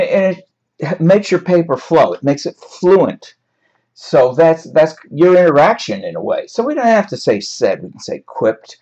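A man's voice: medium pitch, darkish tone. A man teaching a writing class in a chatty, wry way, laughing now and then at his examples. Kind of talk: classroom lecture on paraphrasing. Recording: dull lo-fi recording.

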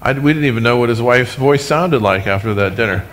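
A man preaching a sermon as pastor, animated, with humorous asides, speaking to his congregation and online viewers. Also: mid-range voice, brisk. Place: church sanctuary, recorded for live stream.

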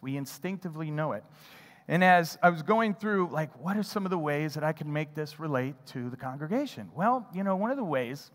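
A man preaching a sermon, telling a childhood story with animated delivery and acting out his own thoughts. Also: on the high side, big-room sound. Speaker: pastor. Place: church sanctuary.

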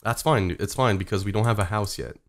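A young man doing live gameplay commentary, excitable and foul-mouthed, yelping and laughing at every surprise. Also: fairly low pitch, brisk, slight background noise. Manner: excitable, swears a lot, yelps and laughs at surprises. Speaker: game streamer.

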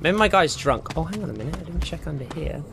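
A man's voice: on the high side, animated, fast talker, gravelly, a bit bright, a little hiss or hum. A young man giving rambling, jokey gameplay commentary, talking to himself as he plays. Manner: rambling, jokey self-talk. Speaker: gaming channel host.

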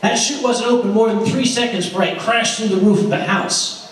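A man playing a boastful older American veteran who spins an excited tall tale, heard in an echoey room from a distant mic. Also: high voice, a little fast, voice pushed up, natural voice.

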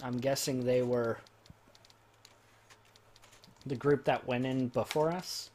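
A man giving jokey gameplay commentary, swinging from loud excited outbursts to quiet muttering. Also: mid-range voice, slow, a little hiss or hum. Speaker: let's play gamer.

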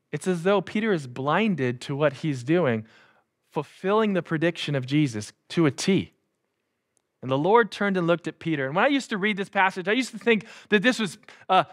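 A man's voice: fairly high pitch, fairly bright tone. A man preaching a sermon in a casual, conversational way, acting out the quotes. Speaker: pastor. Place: church.

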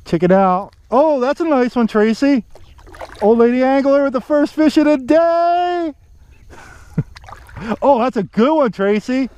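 Excited fishing guy on a boat. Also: very high voice, measured pace, long pauses, clean tone, highs cut off. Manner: excited, cheers on fish with stock phrases. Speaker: fishing vlogger. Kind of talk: casual on-the-water commentary. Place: outdoors on a boat in the Everglades.

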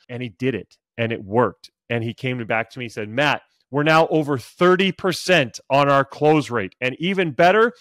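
Animated man coaching on sales. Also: fairly high pitch, dry recording, clean studio sound. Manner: energetic, animated, acts out buyers' lines. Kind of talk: podcast interview, storytelling advice.

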